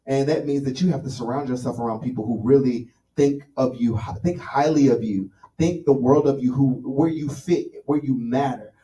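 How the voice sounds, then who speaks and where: A man's voice: medium pitch, normal speed, mellow. Earnest man sharing life advice. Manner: earnest, with frequent ums. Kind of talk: reflective storytelling on stage. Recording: roomy stage sound from far off.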